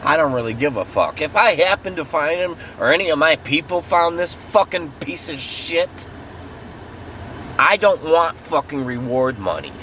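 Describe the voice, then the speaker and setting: A man's voice: fairly high pitch, expressive, normal speed, sharp tone. A man in an angry, profane true-crime rant, heated and repetitive, recorded outdoors near traffic. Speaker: vlogger.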